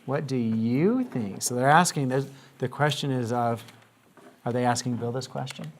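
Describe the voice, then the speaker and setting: Male teacher, patient questioning, classroom lesson, mid pitch, faint background noise. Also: normal speed. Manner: patient, asks questions and has students repeat.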